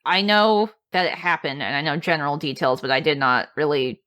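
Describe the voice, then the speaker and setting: Woman, podcast co-host, animated, exclamatory, laughs a lot, lower voice. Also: fairly quick. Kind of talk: casual podcast chat.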